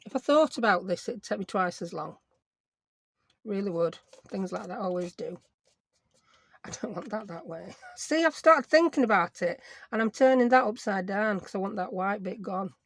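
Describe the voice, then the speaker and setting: A talkative middle-aged woman with a broad Yorkshire accent rambles on while she crafts. Her voice sits at an ordinary middle pitch, and her chatter is loose and self-mocking, full of asides to the viewer. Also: lively intonation, normal speed, no room sound. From Yorkshire, England. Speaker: crafting channel host. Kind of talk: casual chatty crafting vlog.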